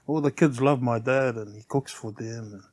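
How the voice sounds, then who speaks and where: A middle-aged man, a podcast guest telling heartfelt personal stories in a soft, unhurried way and often laughing. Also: medium pitch, slightly rough, no room sound. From New Zealand. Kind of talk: casual chat, personal storytelling.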